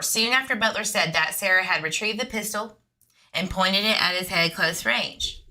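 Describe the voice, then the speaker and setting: A woman with a sharp, forceful voice, reading police records aloud for a true crime channel. She keeps stopping to toss sarcastic, chatty remarks at her audience. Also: medium pitch, moderate pace. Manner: sarcastic, chatty asides to viewers. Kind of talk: reading police documents with casual commentary.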